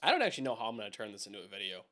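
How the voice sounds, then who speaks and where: A man's voice: fairly low pitch, big pitch swings, racing, pushed and bright. A young man hosting a casual live stream from home, rambling, swearing and chatting with viewers about keyboards. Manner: rambling, swears, laughs often, talks to chat.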